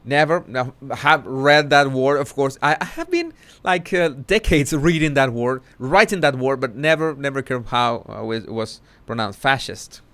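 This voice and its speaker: A man hosting a casual live commentary, talking haltingly with many restarts and self-corrections. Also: mid-range voice, pushed and bright. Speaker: social commentary host.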